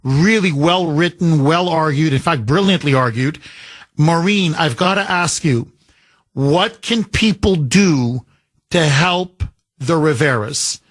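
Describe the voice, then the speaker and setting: A man's voice: fairly high pitch, slow pace, no echo. Emphatic male talk radio host. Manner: emphatic, effusive. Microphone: studio microphone.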